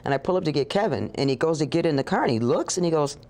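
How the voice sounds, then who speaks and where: A woman telling a story as an interview guest, animated and acting out the voices of the people in it. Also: sits low, rapid-fire. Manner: animated, acts out dialogue with laughs.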